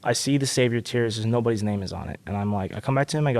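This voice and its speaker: A man telling a story as a podcast guest, animated and acting out quotes with big jumps in pitch. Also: very fast, gravelly, hardly any pauses, dry recording. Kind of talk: casual storytelling.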